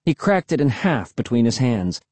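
Husky, expressive storybook narrator, man. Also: mid-range voice, normal speed, no room sound. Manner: lively, expressive reading. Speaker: audiobook narrator. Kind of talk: first-person storybook narration.

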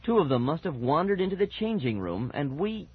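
A man's voice: on the high side, big pitch swings, brisk, slightly rough, no room sound. A man reading an audiobook, voicing a frantic young girl turned into a chipmunk, with a wailing, panicky manner. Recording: dull old cassette audio.

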